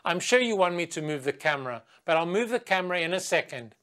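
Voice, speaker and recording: In this children's video lesson, a female English teacher speaks slowly and clearly, posing quiz questions with patience. When she chants along with the class, her voice rises and turns lively.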